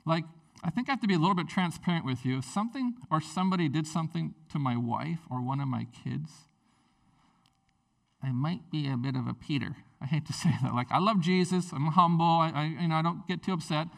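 Gravelly-voiced male pastor, preaching casually. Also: fairly high pitch, brisk, distant mic. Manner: conversational, animated, frequent "you know" and restarts. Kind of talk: sermon.

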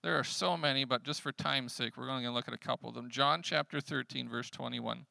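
Guy preaching a sermon, gravelly and super bright, goes from loud punchy lines to almost hushed, dry sound. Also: medium pitch, fairly even intonation, fast, no room sound. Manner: swings between loud emphasis and hushed asides; conversational preaching with casual fillers. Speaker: pastor.

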